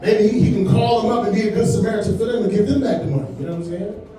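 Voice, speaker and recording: A man in his forties doing stand-up, his voice high but mellow. He talks in a laid-back, chatty way and keeps dropping "man" and "you know what I'm saying". The sound is echoey and comes from far off in a club. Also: very fast. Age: 40s. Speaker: stand-up comedian. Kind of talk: stand-up comedy set. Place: comedy club stage.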